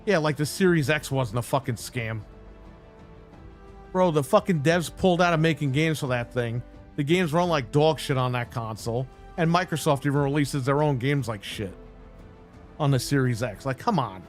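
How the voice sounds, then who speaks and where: Soft music plays behind a man with a mid-range voice who rants on a live stream at a moderate pace. He's angry, blunt, and heavily profane, mocking the voices of those he's arguing with.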